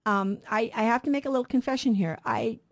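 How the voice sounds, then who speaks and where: Brief: woman co-host of a radio Bible show, fairly high voice, emphatic teaching that drives its points home with questions. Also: fairly quick, creaky. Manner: emphatic, asks rhetorical questions and answers them.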